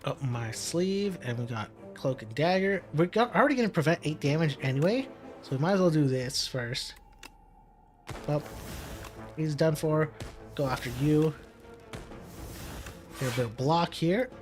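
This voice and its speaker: Man, gameplay commentary, slightly high voice, chatty, mutters through moves, faint game music behind. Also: expressive, measured pace, long pauses, a little mellow. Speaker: gaming commentator. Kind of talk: casual let's-play commentary.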